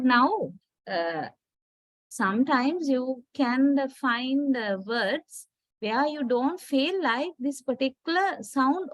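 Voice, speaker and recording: A woman lecturing slowly and patiently on vowel sounds, her voice sitting a little high. She spells words out letter by letter and keeps asking her students whether they follow. The sound is close and dry. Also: no room sound. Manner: patient, checks understanding with "right?". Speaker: English phonetics lecturer. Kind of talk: slow classroom lecture.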